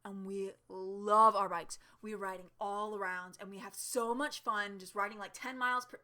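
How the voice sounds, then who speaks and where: A woman vlogging from home in a casual, chatty storytelling style, with lots of fillers and laughs along the way. Her voice is bright and forward. She talks straight into her camera from a chair. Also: mid-range voice, moderate pace. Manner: chatty, animated, laughs often, many fillers.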